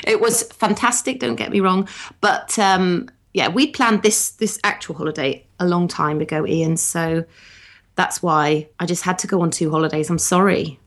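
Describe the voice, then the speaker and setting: Podcast co-host, woman, 30s, lowish voice, giggly and chatty. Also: unhurried. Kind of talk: casual chat.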